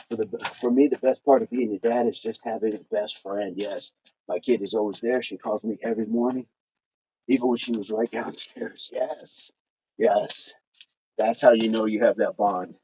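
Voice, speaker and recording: Lower-voiced man chatting through a workout. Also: darkish tone. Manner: reads viewer comments aloud and counts reps between chatty remarks. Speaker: fitness livestream host. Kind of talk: casual livestream chat while exercising. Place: outdoors in the countryside. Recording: dull lo-fi sound with faint noise.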